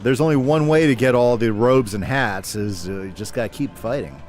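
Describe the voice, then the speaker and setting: A man's voice: medium pitch, moderate pace, darkish tone, soft background music. A man casually chatting with his live chat while playing a game, reading comments aloud and talking through his moves. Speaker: gaming livestreamer.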